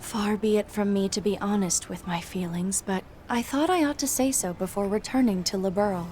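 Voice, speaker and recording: A man reading the lines of a reserved young woman from a game, in a soft, restrained voice. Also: sits high, normal speed, slight background noise, close to an everyday voice. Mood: soft, grateful. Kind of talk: reading game dialogue aloud.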